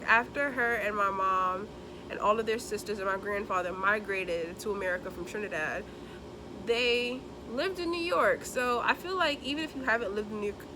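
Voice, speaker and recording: A young woman vlogger chatting casually through a storytime as she does her makeup, lively and expressive, acting out the people in her story. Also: medium pitch, background noise. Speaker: beauty vlogger.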